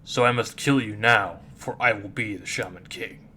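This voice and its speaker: A man's voice: lowish voice, moderate pace, sharp tone, a little hiss or hum. A man voicing an arrogant teenage boy shaman who speaks with cold contempt. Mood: menacing.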